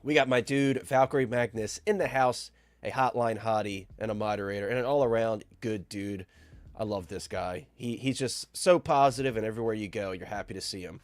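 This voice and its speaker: A man's voice: fairly low pitch, fairly quick. A sick man hosts a live stream, his voice nasal and stuffed up. He keeps an upbeat, friendly patter as he greets viewers by name. The sound is dry and close, with no room echo. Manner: upbeat, shouting out chat viewers. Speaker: host.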